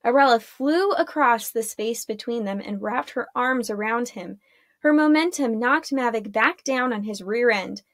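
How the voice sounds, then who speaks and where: Teacher lady reading a kids chapter book, calm, dry close sound. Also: on the high side, a little slow, no room sound. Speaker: teacher reading aloud to children. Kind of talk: children's book read-aloud.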